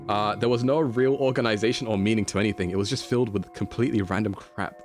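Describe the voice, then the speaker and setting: A man's voice: lowish voice, steady tone, fast, lightly acted. A man putting on a stuck-up young man in a video game, British accent, clipped, self-important, faint music underneath. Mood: haughty. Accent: put-on British. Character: haughty young man's inner thoughts, full of himself. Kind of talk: reading a game's inner monologue aloud.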